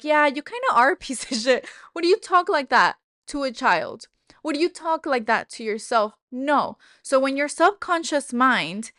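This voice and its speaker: A woman's voice: high voice, fairly bright tone, dry recording, clean studio sound. Candid, swearing self-help podcast woman. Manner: candid, emotional, swears casually. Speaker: podcast host. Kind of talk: personal self-help monologue.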